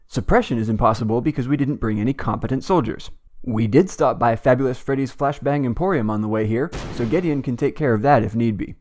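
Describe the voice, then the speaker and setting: A man narrates a strategy game with dry, sarcastic humor. He speaks in a deadpan manner at a middle pitch. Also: fast talker, a little hiss or hum. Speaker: gameplay commentator. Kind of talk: comedic scripted let's-play commentary.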